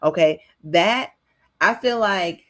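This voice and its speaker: Woman, rambling commentary host, lowish voice, unhurried delivery. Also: fairly bright tone. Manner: chatty, rambling with frequent ums and restarts. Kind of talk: casual commentary monologue.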